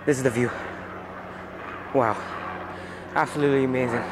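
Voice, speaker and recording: A man's voice: medium pitch, moderate pace. A young man vlogging as he climbs a long outdoor staircase, out of breath and amazed by the view. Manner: excited, breathless narration while climbing. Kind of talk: casual travel vlog. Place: outdoors on a tall rock staircase. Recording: loud crowd and outdoor noise.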